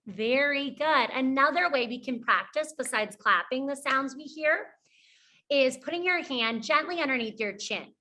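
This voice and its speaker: A young woman teaching preschoolers, speaking slowly and clearly, praising them often and singing simple songs. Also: high-pitched, animated, bright, forceful tone.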